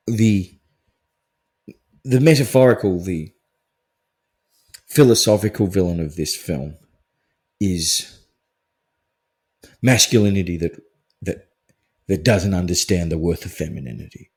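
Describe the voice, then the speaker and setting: A man's voice: lowish voice, darkish tone, slightly rough. A male podcast host talking through a film on his own. He thinks aloud as he goes and often checks in with "right?". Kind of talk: solo film discussion podcast.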